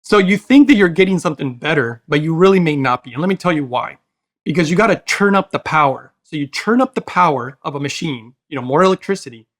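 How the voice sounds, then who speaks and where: A man's voice: a little high, expressive, fast talker, a bit bright. A man speaking as a podcast guest, earnest and emotional, talking in a preachy, heartfelt way and calling the host brother. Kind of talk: casual interview talk.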